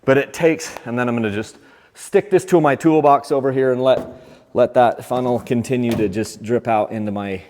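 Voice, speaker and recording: A man's voice: medium pitch, normal speed, a little mellow, big-room sound, a little hiss or hum. A man in his forties hosting a dirt bike vlog, talking in an earnest, rambling, heartfelt way while working in his home workshop. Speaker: dirt bike channel host. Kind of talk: casual vlog while doing an oil change.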